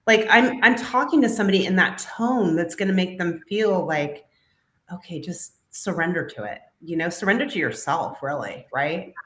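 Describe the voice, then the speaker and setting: A woman's voice: on the low side, lively intonation, moderate pace, a bit bright. Bubbly woman student, roomy call audio. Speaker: photography student.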